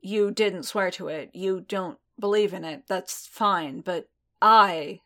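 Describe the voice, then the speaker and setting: A woman's voice: medium pitch, takes it slowly, sharp tone. A woman voicing a weary, honor-bound male bounty hunter who stumbles over his words in a fan fiction audiobook. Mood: insistent.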